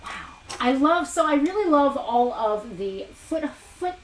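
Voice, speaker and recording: A woman co-hosting a live toy review, excitable and quick to laugh, reading out viewer comments. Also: high-pitched, a little hiss or hum. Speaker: co-host. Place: indoor studio room. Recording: echoey room, distant mic.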